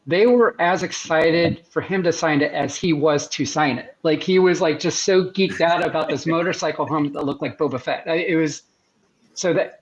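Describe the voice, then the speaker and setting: A man's voice: fairly high pitch, rough recording. A man talking as a guest artist in a casual interview, enthusiastic and rambling with many restarts, heard over a video call.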